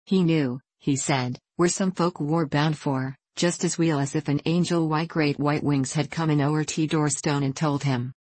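A woman narrating a classic novel in a measured, even reading. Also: low-pitched, dry recording. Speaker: audiobook narrator.

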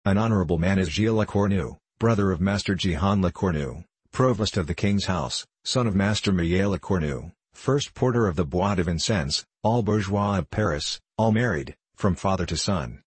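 Man reading a cheeky young male student in an audiobook, mocking and playful, low husky voice. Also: expressive, moderate pace, hardly any pauses, no room sound.

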